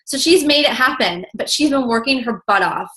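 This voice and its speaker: A woman's voice: a little high, expressive, moderate pace, a bit bright. A woman leading a motivational coaching call, talking in an emphatic, chatty way full of "like". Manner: emphatic, chatty, heavy use of "like".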